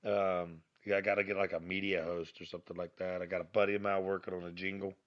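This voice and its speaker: A man with a raspy, slightly twangy voice and a fairly low pitch rambles through a casual solo rant. He swears freely and pokes fun at himself. It sounds like he is talking into a phone, and the sound is a little dull and muffled. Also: little pitch movement, fast talker. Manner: rambling, profane, self-mocking. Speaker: podcast host.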